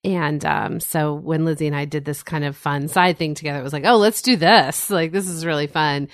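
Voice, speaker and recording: A woman's voice: low voice, a little fast. A woman in her thirties with a stuffed-up, nasal voice from allergies, a TV writer chatting on a podcast with a dry, joking manner. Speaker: guest, TV writer. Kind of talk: casual podcast chat.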